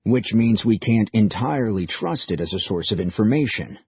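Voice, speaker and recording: A calm older man explains things quietly and carefully in a husky, low voice, as the narrator puts him on. The sound is dull and muffled, with a dry, close feel. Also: dry recording, heavily acted. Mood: measured. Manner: quiet, measured.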